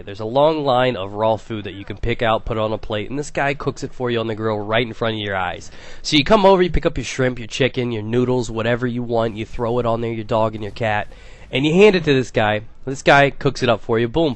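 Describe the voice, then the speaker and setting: A young man talks straight into a close, dry microphone, sitting in the middle of the usual male pitch. He rambles through his story with plenty of swearing and false starts. It sounds like a laid-back gaming video commentary. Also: dry recording. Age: young adult. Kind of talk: casual gameplay commentary.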